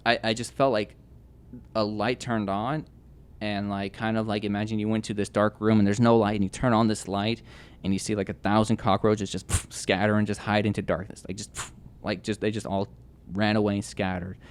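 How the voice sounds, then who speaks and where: A young man telling his personal testimony as a podcast guest, earnest and halting, with many restarts and fillers. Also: lowish voice, little pitch movement, clear, resonant tone.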